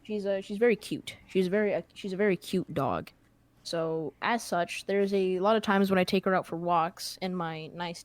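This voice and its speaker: A woman's voice: fairly low pitch, no echo. Rambling woman telling anecdotes. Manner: rambling, animated anecdotes with many fillers. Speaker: podcast host. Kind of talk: casual storytelling chat.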